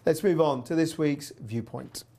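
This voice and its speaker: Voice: medium pitch, normal speed, music in the background. A presenter telling a personal story in a chatty, wry way while hosting a news show. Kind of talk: casual news commentary.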